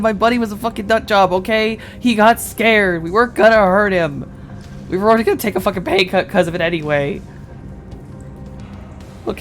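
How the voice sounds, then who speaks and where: A game master voicing a panicky, defensive small-time kidnapper who curses and pleads in a cracking, rising voice. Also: natural voice. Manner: cursing, pleading, voice cracking high.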